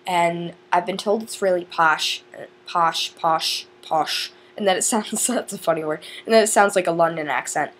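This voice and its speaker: A woman's voice: fairly low pitch, fairly quick, hardly any pauses, slight background noise. A woman vlogger chatting casually through a question challenge, giggly and rambling, often stopping to restart her sentences. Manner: chatty, giggly, self-interrupting.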